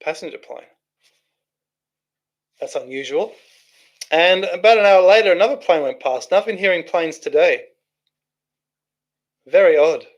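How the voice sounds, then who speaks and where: A man with a slightly higher voice hosts a casual livestream. He reads viewer comments aloud and answers them in a loose, rambling way, often restarting his sentences. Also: expressive, unhurried, pauses often, dull audio. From Australia. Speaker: livestream host reading chat. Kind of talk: casual live chat.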